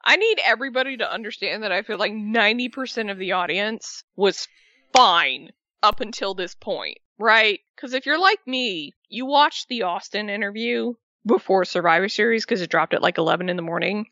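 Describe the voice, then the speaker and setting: A woman chatting casually as a wrestling podcast co-host, emotional and animated, with a swear here and there. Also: mid-range voice, moderate pace, dry recording. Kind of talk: casual fan chat. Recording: dull lo-fi sound.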